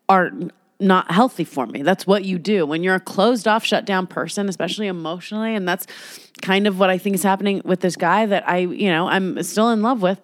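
A woman's voice: on the low side, dry recording, studio quality. A young adult woman hosting a podcast, talking in a candid, rambling, emotional way and swearing freely. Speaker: podcast host. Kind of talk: confessional casual monologue.

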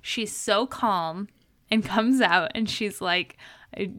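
Speaking slowly in a medium-pitched voice, this young podcast co-host retells a show scene after scene. It's a casual recap, animated storytelling where she quotes lines and laughs along the way.

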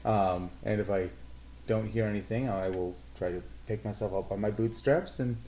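A man's voice: on the low side, moderate pace, dark tone, slight background noise. A man playing in a tabletop game, talking eagerly and playfully with fillers. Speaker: player. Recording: roomy room.

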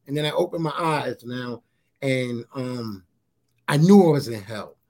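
A man sharing a personal testimony in a casual interview, halting and repeating his words as he tells it. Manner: halting, repeats words, often says "you know what I'm saying"; grows animated at high points.

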